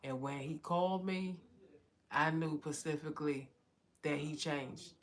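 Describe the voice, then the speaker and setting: A woman's voice: sits low, unhurried. Heartfelt woman telling her story. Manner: heartfelt, repeats "you know" often. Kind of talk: emotional personal testimony.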